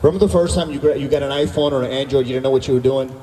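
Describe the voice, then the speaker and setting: A man doing stand-up comedy at an outdoor concert, telling animated stories and bantering with the crowd. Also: mid-range voice, very fast, a little hiss or hum. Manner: animated storytelling, acting out dialogue with the crowd. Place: outdoor stage at a summer concert. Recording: echoey outdoor PA sound from far off.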